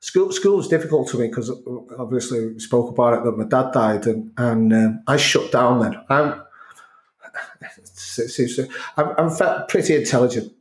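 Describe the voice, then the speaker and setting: A man's voice: mid-range voice, normal speed, roomy sound. A middle-aged man from North Wales with a North Welsh accent touched by Scouse and Manchester, talking reflectively in a casual conversation and often restarting his sentences. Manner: reflective, rambling with many restarts. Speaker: interview guest.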